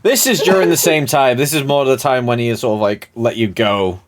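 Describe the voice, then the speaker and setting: A man's voice: medium pitch, a little fast. A man running a tabletop game as game master, narrating the scene and ruling on rolls in a rambling way with many fillers and frequent laughter.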